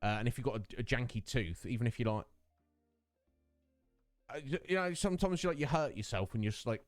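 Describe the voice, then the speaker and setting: A man's voice: mid-range voice, brisk, no echo, soft background music. A man hosting his own stream, chatting casually with viewers, greeting them by name and laughing often. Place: home streaming setup.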